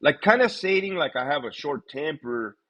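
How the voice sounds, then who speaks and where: Man, livestream host, husky and a bit high-pitched, loose and profane storyteller. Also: moderate pace. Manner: animated, profane, laughs often. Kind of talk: casual storytelling on a live stream.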